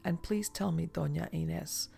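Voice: medium pitch, moderate pace, vocal fry, warm tone, faint music behind. A storyteller voicing a young man stranded on an island, speaking earnestly and asking questions.

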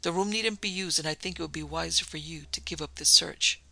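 A grave, cautious lord of an old manor, read by a man. His lines come out serious and measured, with a bright, very gravelly timbre. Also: on the high side, heavily acted. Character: grave middle-aged male lord of a manor.

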